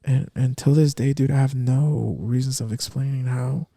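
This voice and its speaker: Young man, gravelly, mellow, emotional storyteller, casual podcast. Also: mid-range voice, fairly even intonation, moderate pace, dry recording, clean studio sound. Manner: emotional storyteller, drops to near whisper when serious. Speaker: podcast co-host.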